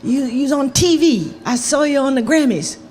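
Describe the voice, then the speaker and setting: A woman voicing a raspy older man who needles someone with repeated remarks. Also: a little high, expressive, measured pace, a bit bright, heavily acted. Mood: insistent.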